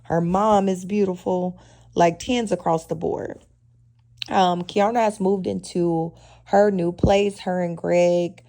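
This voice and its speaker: A woman speaks. She recaps a reality show in a casual, sassy, opinionated way, full of slang. Her voice has a gravelly fry and a dark, mellow tone. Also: on the low side, steady tone, takes it slowly. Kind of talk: casual chatty episode review.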